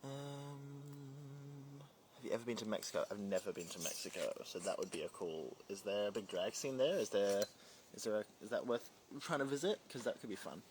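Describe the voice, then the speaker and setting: A man's voice: lowish voice, moderate pace, background noise. A young man from New Zealand with a slight British twang, answering live comments in a chatty, playful, scattered way. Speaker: drag performer reading live comments. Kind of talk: casual livestream Q&A.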